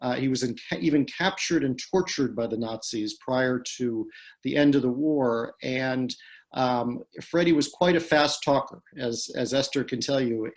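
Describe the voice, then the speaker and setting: A man speaking on a video call, telling a story with frequent fillers and restarts. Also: mid-range voice. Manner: hesitant, many fillers and restarts. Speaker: guest speaker.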